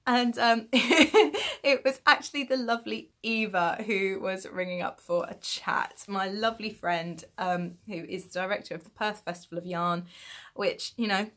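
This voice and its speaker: A woman's voice: medium pitch, fairly even intonation, normal speed, a bit bright. A woman from the United Kingdom hosting her own podcast in a chatty, self-mocking way, laughing often. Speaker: podcast host. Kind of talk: casual chat.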